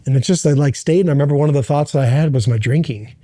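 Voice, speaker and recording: Middle-aged American man, interview guest, slightly high, mellow voice, halting, earnest storytelling. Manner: halting, earnest, many restarts. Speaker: interview guest, former Navy SEAL. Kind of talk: candid personal storytelling.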